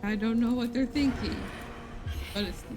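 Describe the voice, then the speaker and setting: A woman's voice: on the high side, steady tone, moderate pace, noisy background. A woman live-streaming a video game, chatting casually, thinking aloud and laughing easily as she plays.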